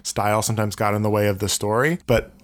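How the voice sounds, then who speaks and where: Man, book club co-host, measured review, organized delivery. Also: lowish voice, steady tone.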